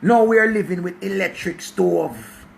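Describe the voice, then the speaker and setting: A man's voice: high voice, animated, measured pace, gravelly. A Jamaican man in his forties giving a preachy life talk in a mix of patois and English, repeating himself and swearing. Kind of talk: passionate casual monologue.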